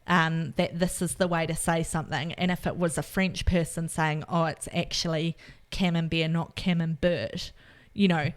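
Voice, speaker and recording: A woman's voice: low voice, level tone, normal speed, few pauses. A New woman talking as a podcast guest, earnestly explaining her views with lots of "um" and "you know". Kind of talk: casual chat.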